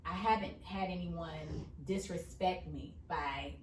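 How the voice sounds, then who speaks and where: A woman's voice: fairly low pitch, takes it slowly. A woman co-hosting a podcast with her partner, chatting casually and laughing easily. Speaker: podcast co-host. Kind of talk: casual chat. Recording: roomy echo, distant mic, faint noise.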